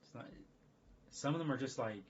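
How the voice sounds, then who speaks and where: A man talking casually on a livestream in a rambling, profane, excitable way. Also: mid-range voice, normal speed, slight background noise. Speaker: streamer. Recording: dull lo-fi stream audio.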